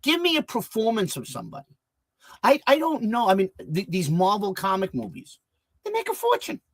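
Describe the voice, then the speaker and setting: A talk show host, a man, chats in an interview with a lively, swinging delivery and keeps restarting his sentences. His voice is dry and close, with no room around it. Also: high-pitched, brisk, dry recording. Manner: chatty, lively storyteller with many restarts.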